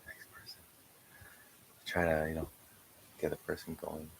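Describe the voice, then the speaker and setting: A man's voice: very deep voice, completely flat delivery, measured pace, vocal fry, slight background noise, poor audio. A man in an angry, profane livestream rant, aggrieved and often dropping into whispered asides. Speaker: streamer.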